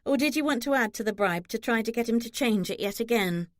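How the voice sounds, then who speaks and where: A woman reading an audiobook, voicing a sharp-tongued middle-aged mother who speaks wryly and mutters asides. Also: a little high, expressive, fairly quick, no echo, lightly acted. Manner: dry, wry, muttering.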